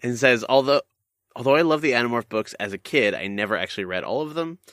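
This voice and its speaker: A young man hosting a casual podcast, reading listener mail aloud with quick jokey banter. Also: medium pitch, animated, fairly bright tone, no echo, studio quality. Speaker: podcast host.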